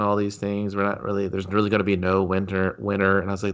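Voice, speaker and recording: A man's voice: low voice, monotone, quick pace, dull audio. A man co-hosting a movie review podcast, talking in a laid-back, dry and sarcastic way. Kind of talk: casual profane movie chat.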